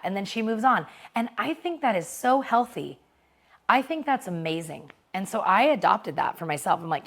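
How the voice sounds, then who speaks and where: A woman's voice: medium pitch, lively intonation, normal speed. A woman hosting a podcast, talking candidly in a casual motivational monologue, checking in with "right?" and swearing now and then. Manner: candid, conversational, mild swearing, frequent "right?" check-ins. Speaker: podcast host.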